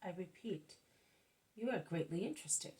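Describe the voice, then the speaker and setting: A woman voicing a gentle male spiritual teacher who explains in a measured, patient way. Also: fairly low pitch, expressive, lightly acted, low-quality recording. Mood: calm.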